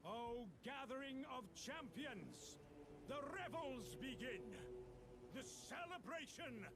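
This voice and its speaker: A man voicing a grave male herald in a game cutscene, declaiming slowly and solemnly. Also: very high-pitched, very animated, very noisy, full character voice. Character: grave male herald announcing a war festival.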